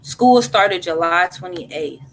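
A woman co-hosting a casual chat, pausing and searching for the right words. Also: lowish voice, a little hiss or hum, low-quality recording. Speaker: co-host.

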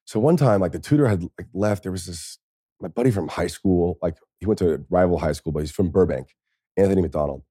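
A man's voice: low-pitched, a little fast, mellow, slightly rough, no echo, clean studio sound. A man in his thirties, a former football player, telling casual stories as a podcast guest, laughing often and swearing freely. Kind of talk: casual storytelling.

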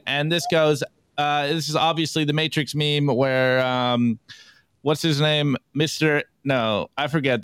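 A man's voice: fairly high pitch, fairly bright tone, clear, resonant tone, no echo, studio quality. A man hosting a casual live show, chatting loosely and stumbling over his words as he reads memes aloud. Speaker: podcast host. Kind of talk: casual live-stream commentary.

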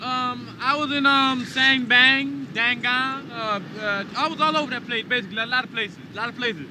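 An actor playing a street con man who fakes being a blind, legless veteran, boasting fast and rambling, in a film clip with street noise. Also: extremely high pitch, fairly even intonation. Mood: scheming.

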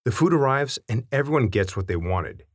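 A man reading a family anecdote aloud with wry, animated storytelling. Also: medium pitch, fairly quick, no echo, clean studio sound.

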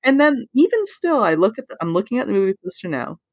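Brief: animated woman co-host, casual chat, dry close recording, lively swoops up in pitch. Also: fast, no echo. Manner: animated, pitch leaps on quoted thoughts, many "like" fillers. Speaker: podcast co-host. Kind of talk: casual movie discussion.

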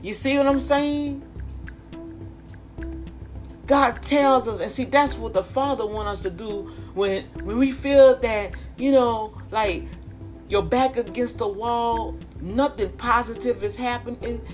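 A woman's voice: on the high side, slow, faint music behind. A middle-aged woman preaching informally and with fervor, repeating herself and calling out to her listeners. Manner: fervent, repetitive, with calls to the listeners.

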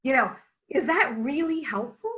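A woman's voice: high-pitched, moderate pace, rough recording. A woman leadership coach answering interview questions, explaining energetically and often checking in with "right?". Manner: energetic, lots of "right?" asides.

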